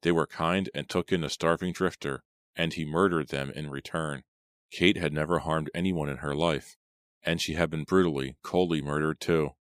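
A man narrating a horror audiobook in a steady, measured reading style. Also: rumbling low, no echo, studio quality.

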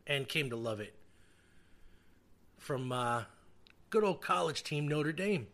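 A man's voice: medium pitch, expressive, normal speed, long pauses, a bit bright. A man hosting a show in a casual, rambling way, full of fillers and restarts and self-mocking jokes. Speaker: show host. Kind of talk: casual radio-style chat.

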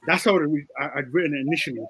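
A man, a film director and writer, talking casually in an interview and explaining his ideas in a relaxed way. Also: a little high, racing, low-quality recording.

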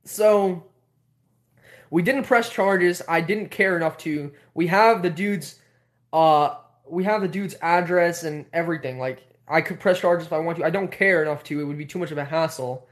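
A young man telling a story on a live stream, animated, swearing and repeating himself. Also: fairly high pitch, moderate pace. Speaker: host.

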